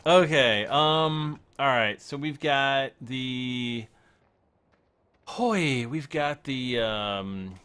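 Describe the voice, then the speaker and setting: Speaking extremely slowly, this male streamer has a mid-range voice that is bright, forceful and smooth. He rambles casually over a farming game on livestream, easily cracks up, giggles, and frequently loses his train of thought.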